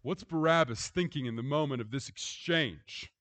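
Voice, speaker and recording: A man's voice: mid-range voice, moderate pace. Man preaching a dramatic sermon. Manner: shifts from hushed reflection to rising, emphatic storytelling. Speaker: pastor.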